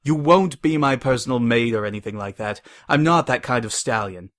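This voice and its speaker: A man voicing a calm, smug male pony agent who schemes. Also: mid-range voice, normal speed, natural voice.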